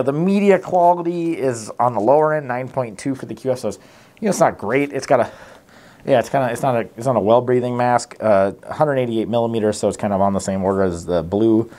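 A man's voice: medium pitch, a little mellow. A man giving a casual, rambling product review to camera, reading out test numbers and correcting himself often. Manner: rambling, self-correcting, many fillers; reads out test figures plainly. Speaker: mask tester reviewing products.

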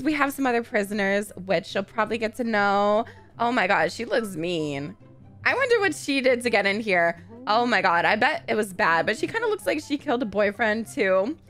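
Brash, high-voiced woman gamer. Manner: brash, profane, animated. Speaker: gaming channel host. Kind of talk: casual let's-play commentary.

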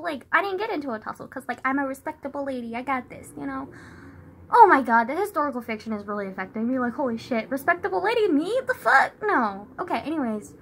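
A young woman telling a story on her phone, animated and sweary, sighing and laughing and saying "like" all the time. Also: a little hiss or hum. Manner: animated, says "like" constantly, sighs and laughs; swears freely, swings from loud outbursts to low mutters. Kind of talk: casual storytime vlog.

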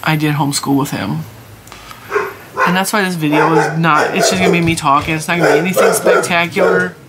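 A woman's voice: low voice, fairly even intonation, brisk, heavy background noise. A tired middle-aged woman chatting casually to camera at home, rambling with many restarts and sounding worn out. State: exhausted and teary. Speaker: crochet channel host.

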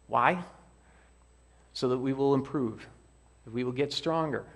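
A man's voice: mid-range voice, a little slow, long pauses. Man preaching a sermon, earnest. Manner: earnest, reads quoted lines with lively emphasis. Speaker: pastor. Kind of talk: sermon with a read-aloud story. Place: church sanctuary.

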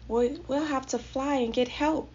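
A woman voicing a gentle, loving mother elephant in a storybook, speaking softly and tenderly. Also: high voice, steady tone, measured pace, a little hiss or hum, pitched above the performer's own voice. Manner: soft and tender. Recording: slightly dull lo-fi audio.

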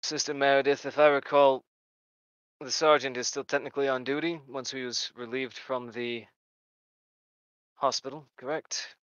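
A man voicing a stern male priest who gives orders in a low, quiet, formal way. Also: fairly even intonation, moderate pace, pauses often, smooth, no echo, dull audio, natural voice. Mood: questioning.

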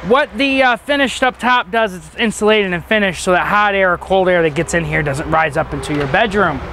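A man's voice: sits high, a little fast, pushed and bright, slight background noise. A man giving an upbeat, chatty walkaround tour of a travel trailer outdoors at an RV dealership. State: has the hiccups. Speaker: RV dealership salesman.

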